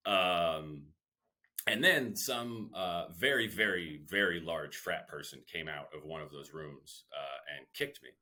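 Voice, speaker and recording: A male comedian, a guest on a podcast, telling a rambling self-deprecating story with lively ups and downs and some swearing. His voice is low and deep but has a forceful, bright edge. He tells the story like a seasoned storyteller. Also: a little slow.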